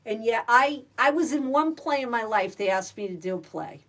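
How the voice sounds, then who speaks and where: A woman's voice: a little high, expressive, normal speed, fairly bright tone, recorded from a distance. Middle-aged woman, stand-up comic, salty and chatty, a little off-mic. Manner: chatty, salty, rambling with many fillers. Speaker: livestream host and stand-up comic. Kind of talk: casual livestream chat.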